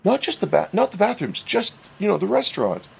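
Man doing an upbeat scheming manager, pushy, raised pitch, lively. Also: fairly quick, vocal fry, husky, exaggerated voice. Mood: eager. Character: eager male restaurant manager full of schemes.

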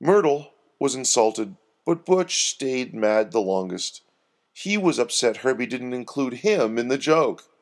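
A man narrating a scripted story in a measured, expressive reading. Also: mid-range voice.

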